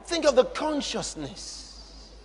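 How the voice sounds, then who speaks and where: A male preacher delivering a sermon in a high, lively, husky voice. He drops to near-whispers, then builds to shouts. The sound carries a long reverb, as in a large hall. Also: slow. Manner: dramatic swings from soft murmurs to shouts.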